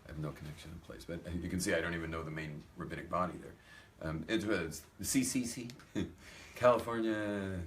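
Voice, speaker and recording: A man's voice: low voice, a little fast, a little hiss or hum. A rabbi telling funny anecdotes to an audience, acting out the dialogue as he goes. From United States. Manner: animated anecdotal storytelling, acts out dialogue. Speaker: rabbi giving a talk. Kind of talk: storytelling talk to a live audience.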